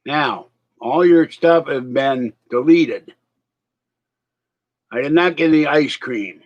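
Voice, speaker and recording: A man's voice: medium pitch, slow pace. A man with a slight cold rambles through a casual live stream, drifting from topic to topic and chuckling at his own asides. His voice sits mid-range and comes through a dull, lo-fi recording. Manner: rambling, distracted, laughs at his own remarks. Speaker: vlogger.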